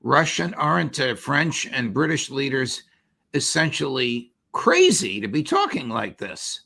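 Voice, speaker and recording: Gravelly, bright-toned male host. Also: medium pitch, very animated, a little slow. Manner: pointed questioning. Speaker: show host. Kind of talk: interview.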